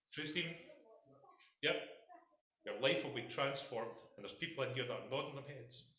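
A man's voice: mid-range voice, pushed and bright. A Scottish man preaching a passionate sermon to his congregation in a church hall, speaking emphatically and addressing them directly. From Scotland. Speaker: pastor.

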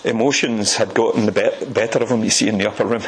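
A man's voice: fairly low pitch, fairly even intonation, fast talker, a little hiss or hum, poor audio. A man from Scotland with a Scottish accent, preaching a sermon with rhetorical questions and folksy asides.

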